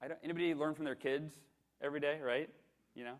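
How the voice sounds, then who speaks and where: Animated man telling stories on stage. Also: on the high side, quick pace. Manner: animated, self-deprecating storytelling with acted-out quotes. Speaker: motivational speaker. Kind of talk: storytelling keynote presentation.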